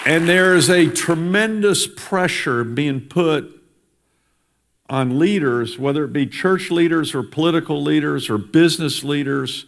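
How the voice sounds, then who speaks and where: A man's voice: on the high side, a little slow, vocal fry, a faint crowd. A politician addressing a church congregation, speaking emphatically and building his points through repetition. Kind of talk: speech to a congregation. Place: church sanctuary.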